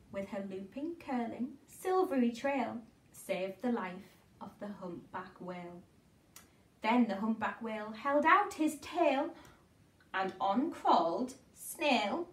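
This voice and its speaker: Slow, sing-song woman reading a picture book. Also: high voice, recorded from a distance. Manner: sing-song, with playful asides. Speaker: children's storyteller. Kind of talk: reading a picture book aloud to small children. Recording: echoey room, away from mic.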